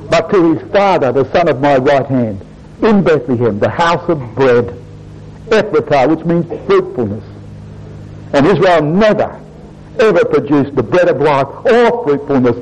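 A male preacher delivering a sermon to his congregation, fervent and rising high when quoting scripture. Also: a little mellow, low-quality recording.

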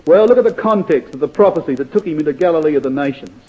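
High-voiced, mellow male preacher. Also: lively intonation, lo-fi sound. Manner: earnest, emphatic, slows down to stress quotations; varies loudness widely, dropping to near hush. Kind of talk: sermon.

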